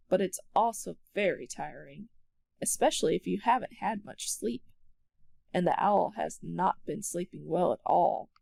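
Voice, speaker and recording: A woman narrating a children's storybook aloud with expressive storytelling. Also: medium pitch, creaky.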